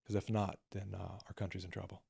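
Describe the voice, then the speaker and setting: Guest filmmaker, male, low and gravelly, candid storyteller. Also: flat delivery, quick pace. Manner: candid, quoting others in softer voices. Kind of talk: storytelling conversation.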